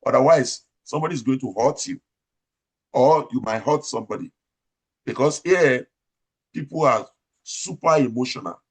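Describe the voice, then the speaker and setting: A Nigerian-accented man, an operating room nurse manager, gives interview advice in a loud, emphatic voice, repeating his points and posing rhetorical questions. His voice is medium-pitched and husky, animated, at a moderate pace with frequent pauses.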